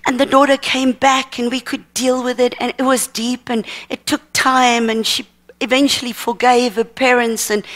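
A woman's voice: fairly high pitch, fairly bright tone. A woman, preaching and telling an emotional story with quoted dialogue at a seminar. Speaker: minister teaching at a seminar. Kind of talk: sermon testimony storytelling.

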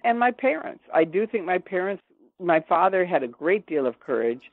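Older female guest, lively storyteller who acts out quotes; tinny, dry phone audio. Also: on the low side, moderate pace, dry recording. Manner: animated, acts out quoted dialogue. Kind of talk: personal storytelling in an interview.

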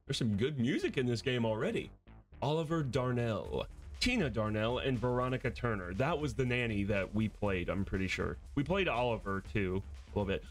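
A young man hosting a casual let's-play, talking excitably and chattily while reading the game. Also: medium pitch, moderate pace, soft background music. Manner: excitable, chatty, laughs easily. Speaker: gaming video host.

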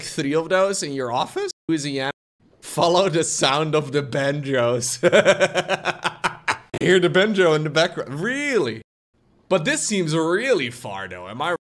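A male streamer riffs casually on what he is watching, tossing out jokes and swearing. His voice sits a touch high and swings widely in pitch. He sounds loose and wry. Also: a bit bright. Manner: joking, swearing, wry asides. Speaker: Twitch streamer. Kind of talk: casual reaction commentary on stream.

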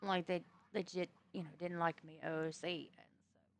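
A woman's voice: on the low side, level tone, moderate pace, dry recording. A woman from the US East Coast, streaming a roleplay game and chatting casually, blunt and profane in an easygoing way. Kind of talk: casual chat while playing a roleplay game.

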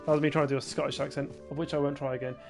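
A man's voice: fairly high pitch, flat delivery, rapid-fire, gravelly. A man joking his way through a game as let's play host, reading the dialogue aloud, over game music. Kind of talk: gameplay commentary.

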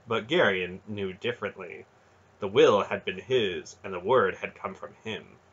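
Male fantasy audiobook narrator, low husky voice, muffled lo-fi recording. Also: measured pace. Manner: dramatic storybook narration, expressive. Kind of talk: fan audiobook reading.

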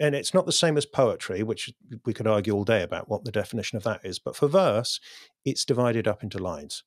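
A man's voice: medium pitch, dry recording, studio quality. A man, a guest in a casual interview, explaining ideas thoughtfully with frequent restarts. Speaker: podcast guest, poet.

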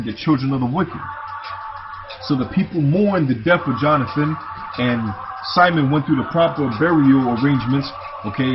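A man reading scripture aloud and breaking off into casual commentary, often tossing in "man" and "you see". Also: a little high. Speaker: scripture teacher. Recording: dull lo-fi recording with music behind.

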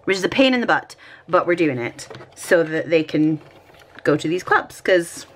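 A woman's voice: on the low side, a bit bright. A Scottish woman vlogging at home, chatting and thinking aloud while she decorates her planner, often poking fun at herself.

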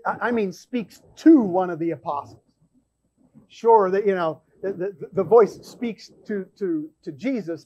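A man hosts a church show and walks through a Bible passage at an unhurried pace. He leans hard on key words and repeats himself as he thinks aloud. The recording sounds dull and lo-fi. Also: high voice, warm tone. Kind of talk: Bible teaching.

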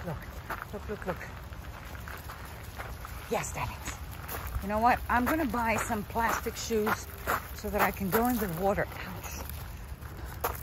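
A woman walking her dogs on a woodland preserve trail talks slowly in a medium-pitched voice, pausing often and sounding out of breath. She coos sweet names at the dogs and chats to the camera, with heavy background noise outdoors.

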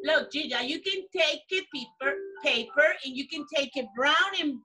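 A woman teaching young children in an online class, coaxing and praising them in simple, animated phrases. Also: sits high, normal speed, distant mic, soft background music, low-quality recording. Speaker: preschool teacher.

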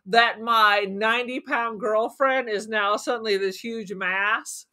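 A man's voice: high voice, fairly even intonation, slow, sharp tone. A man co-hosting a horror movie podcast, making sardonic wisecracks in casual chat. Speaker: podcast co-host.

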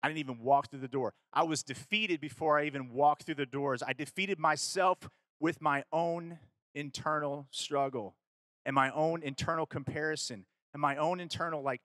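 In a dry recording, a Kentucky man with a slightly high voice talks at normal speed to a youth audience. He narrates a personal story casually, using fillers and correcting himself, and brings the dialogue to life by acting it out.

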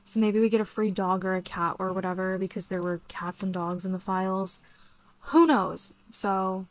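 Young woman, casual game commentary, gushy and excitable, mid-pitch voice. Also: normal speed, no room sound. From Florida. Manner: excitable, gushing, chatty with frequent "like" and "oh my god". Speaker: gaming video host.

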